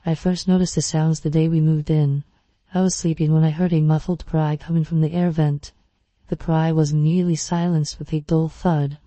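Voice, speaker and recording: Flat, dark horror story narrator. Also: mid-range voice, moderate pace, dry recording. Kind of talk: scripted first-person story narration.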